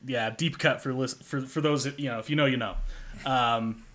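A man's voice: mid-range voice, steady tone, normal speed, fairly bright tone. A man hosting a casual film podcast, easygoing and agreeable as he chats with his guest. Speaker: podcast host.

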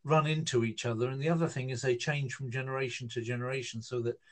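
Speaking fast in a mid-range voice, a Newcastle man in his fifties recounts a lengthy personal story in a laid-back interview. His manner is rambling and hesitant, with frequent fillers and restarts, as he chats in a casual storytelling way.

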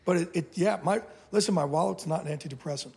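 Man, 50s, slightly high voice, husky, blunt and profane, animated interview storytelling. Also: quick pace. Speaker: podcast guest.

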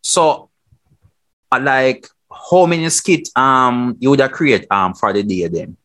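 A man's voice: medium pitch, lively intonation, slow, a bit bright. A Jamaican man co-hosting a podcast, asking questions in patois with ready laughs. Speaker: podcast co-host. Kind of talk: casual interview chat.

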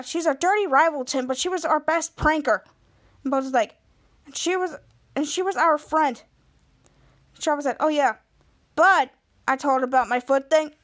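A woman hosting a podcast, recapping a TV episode in a casual, excited way and acting out the characters' lines. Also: high voice. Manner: excited, acts out characters' lines while retelling. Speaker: podcast host.

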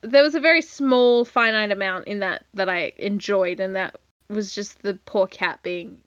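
A woman's voice: mid-range voice, moderate pace, no room sound, muffled recording. A woman, casually retelling a horror film plot with a co-host, chatty and full of fillers. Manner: relaxed, chatty, retells plots with filler words. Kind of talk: casual film review chat.

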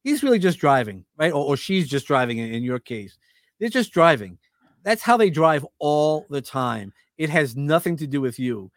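At a moderate pace and fairly high pitch, this Brooklyn-born podcaster tells stories in easygoing conversation. He voices other people's lines with animation, frequently starting his sentences over, in a dry, studio-quality recording.

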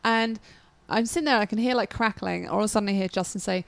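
Giggly English woman, gravelly edge. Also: medium pitch, quick pace, dry recording. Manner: giggly, animated storyteller. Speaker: podcast co-host. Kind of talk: casual chat.

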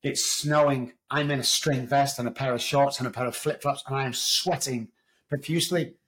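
Man, English accent, middle-aged, candid, blunt storytelling, medium pitch. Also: fairly even intonation, moderate pace, fairly bright tone, poor audio. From England. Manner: candid, raw storytelling with swearing. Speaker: podcast guest. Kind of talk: storytelling interview.

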